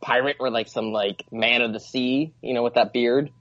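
A man of middle pitch co-hosts a casual sports chat, quick to fire back when teased. His voice comes through dry and a bit muffled. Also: fairly even intonation, fairly bright tone, dry recording. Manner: defensive, quick comebacks. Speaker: podcast co-host. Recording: dry, dull lo-fi sound.

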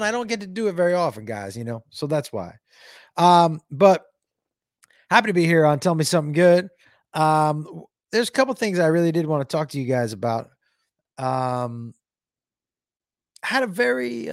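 A man's voice: a little high, dry recording, studio quality. A man telling a rambling, profane comedy story on a livestream, often laughing and greeting viewers by name. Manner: rambling, profane, reads chat names aloud.

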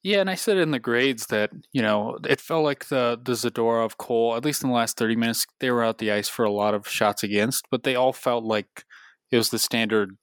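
A man's voice: medium pitch, a little fast, fairly bright tone, clear, resonant tone, no room sound. A man co-hosting a podcast, thinking aloud in a loose, casual way about a game. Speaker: podcast co-host. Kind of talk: casual sports analysis chat.

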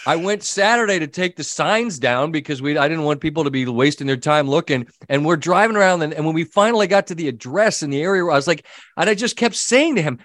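A man co-hosting a podcast, telling a story in casual chat with many restarts and quick shifts in tone. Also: high-pitched, animated, a bit bright, no room sound. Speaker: podcast co-host.

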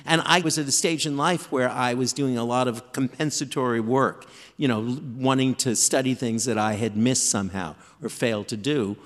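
A man in his fifties tells self-deprecating stories with animated, lively timing. His voice rings with the long reverb of a theater hall. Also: mid-range voice, moderate pace, hardly any pauses. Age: 50s. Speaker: author guest. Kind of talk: live stage interview. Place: theater stage before live audience.

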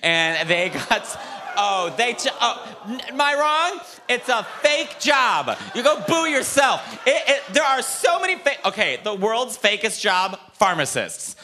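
A man performing stand-up on a club stage, talking in a high, bright voice that leaps all over the place. His delivery is campy and animated, with a faint hiss underneath. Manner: animated and campy, with quick jokes. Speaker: stand-up comedian. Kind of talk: stand-up set.

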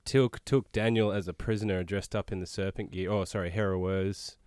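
Low laid-back podcast co-host. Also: male voice, steady tone, a little fast, a little mellow, clear, resonant tone, no room sound, studio quality. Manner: laid-back, wry jokes. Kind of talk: casual podcast chat.

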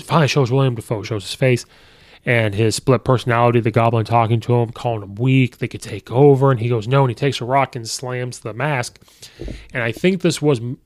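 A man hosting a podcast, recapping a film in a casual, rambling way with many fillers and quick quoted asides. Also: medium pitch, gravelly, a little mellow, dry recording, studio quality. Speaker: podcast host reviewing a film. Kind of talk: casual movie review.

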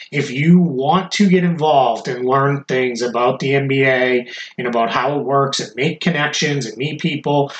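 Male podcast host, mid pitch, eager plugs, hiccups; echoey room recording with light hiss. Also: fairly bright tone. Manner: eager, self-promoting, many restarts. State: has the hiccups. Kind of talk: casual podcast chat.

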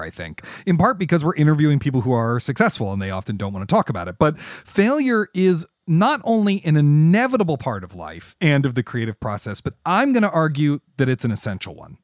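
A man hosting a podcast, chatting casually and playfully with quick jokes. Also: fairly high pitch, very animated, no room sound, studio quality. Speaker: podcast host. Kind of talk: casual chat.

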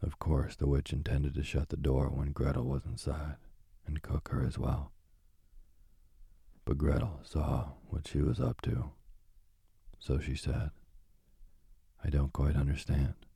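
Very deep gravelly male storyteller. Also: dark tone, dry recording, clean studio sound. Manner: slow and soothing. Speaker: bedtime story reader. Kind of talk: calm sleep-story narration.

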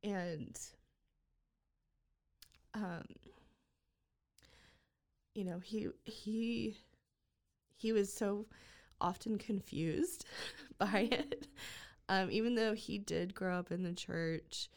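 Woman on a podcast opening up about her past, gravelly voice, lots of likes and restarts. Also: medium pitch. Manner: earnest, halting, many fillers and restarts. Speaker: podcast guest. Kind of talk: emotional personal storytelling.

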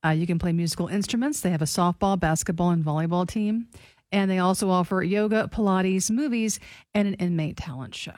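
A woman's voice: on the low side, brisk, a little mellow, no room sound, clean studio sound. Agreeable female radio co-host. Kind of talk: talk radio banter.

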